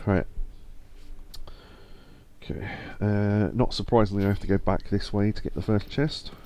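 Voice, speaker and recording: A man's voice: on the low side, fairly even intonation, a little slow, warm tone, a little hiss or hum. A man with a stuffy nose casually chatting through a live game stream, rambling to himself and reading mission text aloud. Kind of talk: casual live gameplay commentary. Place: home streaming setup.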